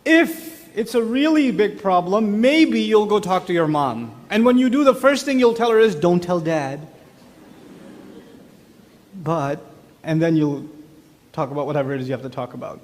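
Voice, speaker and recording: A man's voice: high-pitched, animated, moderate pace, in a large hall. A man giving a religious talk on parenting, chatty, asking the audience questions. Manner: conversational, with rhetorical questions to the audience. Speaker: speaker on parenting.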